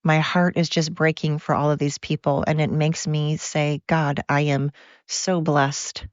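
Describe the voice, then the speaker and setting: A woman's voice: sits low, flat delivery, unhurried, dry recording, dull audio. Angry profane woman ranting on a podcast. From United States. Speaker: podcast host. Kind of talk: solo podcast rant.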